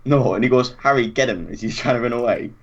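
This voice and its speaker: A young man telling an animated anecdote in casual chat, acting out what people said and laughing often. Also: medium pitch, quick pace. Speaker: storyteller. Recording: dull lo-fi recording.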